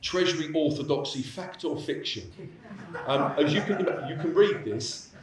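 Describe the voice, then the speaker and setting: A man's voice: on the high side, lively intonation, moderate pace, crowd noise. A man giving a lecture and answering questions in a chatty, anecdotal way, with many restarts. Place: lecture hall. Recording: echoey hall, distant mic.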